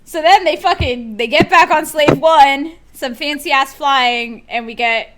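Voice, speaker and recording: A woman co-hosting a casual podcast chat, excited and laughing often, swearing freely as she talks. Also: sits high, unhurried, slight background noise. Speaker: podcast co-host.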